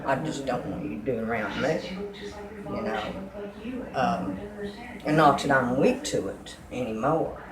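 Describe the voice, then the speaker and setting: A woman's voice: rumbling low, measured pace, pauses often, roomy sound, over a noisy crowd, poor audio. A woman giving a fervent, emotional religious testimony.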